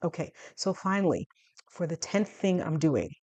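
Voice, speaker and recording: A woman's voice: big pitch swings, moderate pace, a little mellow, dry recording. A woman in her forties from the United States, talking casually to camera about her health and laughing often. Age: 40s. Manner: chatty, laughs often, acts out dialogue with big jumps in pitch. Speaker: health vlogger.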